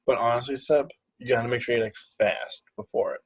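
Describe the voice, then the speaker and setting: A young man co-hosting a podcast in casual chat, an animated storyteller who jumps into high voices when quoting people. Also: a little fast, husky, no room sound. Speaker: podcast co-host. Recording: dull lo-fi sound, dry.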